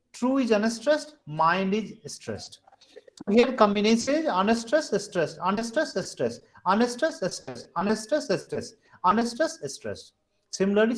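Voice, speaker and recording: A man with an Indian English accent teaching an online class over a video call, patiently repeating and counting things out step by step. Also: sits high.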